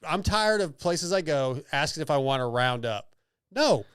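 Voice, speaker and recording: A man, co-hosting a podcast, chatting casually and quick to react and tease. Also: a little high, expressive, a bit bright, clear, resonant tone, dry recording, clean studio sound. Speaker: podcast co-host. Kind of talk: casual chat.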